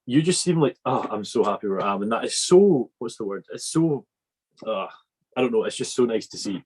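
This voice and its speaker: A man's voice: mid-range voice, animated, brisk, darkish tone, husky. A man, hosting a podcast in an enthusiastic, rambling chat. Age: 20s. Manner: enthusiastic and rambling, with many fillers. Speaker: podcast host. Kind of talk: casual chat.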